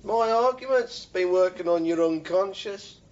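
A man's voice: high-pitched, a little slow. An actor playing a pedantic, earnest tradesman who talks in long words. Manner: wordy, pompous. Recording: dull TV soundtrack.

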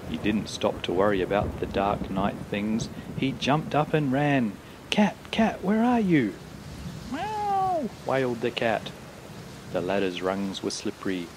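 A man with a lowish voice reads a children's picture book aloud. His delivery is slow and unhurried, with lively, rising and falling intonation that brings the story to life. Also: noisy background.

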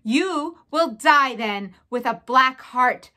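A woman voicing a stern, pompous male head mouse presiding over a trial, with a booming, commanding delivery. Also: lively intonation, slow pace, pushed and bright, full character voice.

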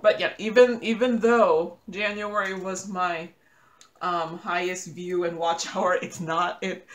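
A woman's voice: on the low side, fairly even intonation, takes it slowly, a little hiss or hum. Rambling woman chatting in a roomy room. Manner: rambling, self-correcting, laughs often. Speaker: crafting YouTuber. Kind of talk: casual chat while diamond painting. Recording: roomy echo.

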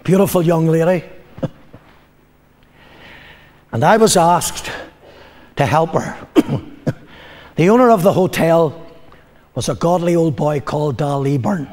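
An older man preaching a sermon as a pastor, telling a story, moving between loud declarations and low, confiding passages. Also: slow, pauses often. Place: church. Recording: long reverb of a church hall.

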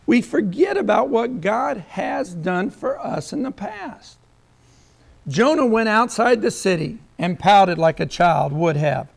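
A male pastor delivers a sermon in a high voice that leaps up and down as he drives each point home. There is a gravelly edge to his tone, and he slips into dramatic quoted prayers between readings.

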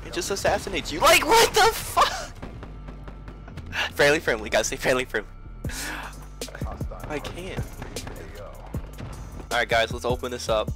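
A young man giving excitable gameplay commentary, swinging between mumbling and yelling. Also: a little high, normal speed, pauses often. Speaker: gaming video creator. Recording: trap beat playing underneath. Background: background hip-hop music.

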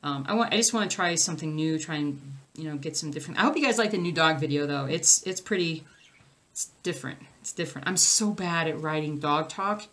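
Young woman chatting away on a stitching vlog, fairly low voice, rambly, lots of ums. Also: a little fast, fairly bright tone. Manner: chatty, rambling, answers viewer comments with fillers. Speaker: cross stitch vlogger. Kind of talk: casual livestream chat reading comments.

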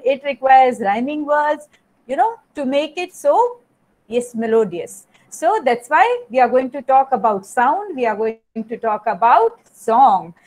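High-voiced Indian English woman lecturing. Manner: explanatory, repeats phrases, frequent "you know" and "okay". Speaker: teacher. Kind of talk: online lecture.

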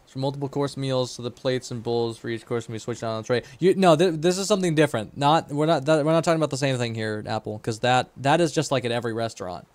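A man's voice: medium pitch, steady tone, quick pace, few pauses, dry recording. Playful male streamer chatting. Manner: playful, chatty, joking with chat. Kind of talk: casual livestream gaming chat.

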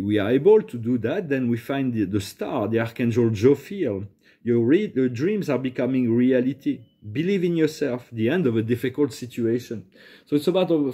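A man with a French accent giving a spiritual talk and reading oracle cards, soft-spoken and halting, often repeating words. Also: mid-range voice, husky. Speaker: oracle card reader.

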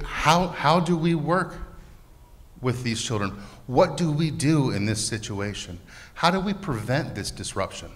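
Animated man in a reverberant hall. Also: medium pitch. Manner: animated, emphatic, with rhetorical questions. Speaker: therapist on a panel. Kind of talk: panel talk.

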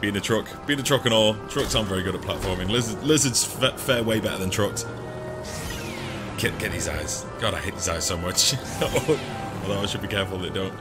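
A man's voice: lowish voice, a little fast, over loud music. A man hosting a let's play, giving chatty, self-mocking gameplay commentary and laughing often.

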